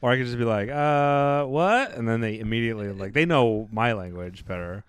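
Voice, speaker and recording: A man's voice: medium pitch, moderate pace, clear, resonant tone, no echo. A man co-hosting a podcast in casual chat, laid-back and self-deprecating, laughing a lot. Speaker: podcast co-host.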